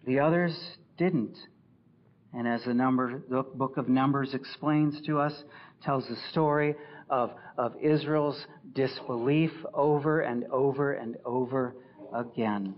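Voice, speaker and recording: A man preaching a sermon as pastor, rising loud for scripture and dropping low and soft for reflection. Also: fairly even intonation, a little slow, muffled recording.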